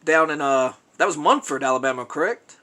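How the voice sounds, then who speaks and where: Slightly high-voiced man hosting casually. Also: a little fast, bright, forceful tone. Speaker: interview host. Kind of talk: casual interview chat.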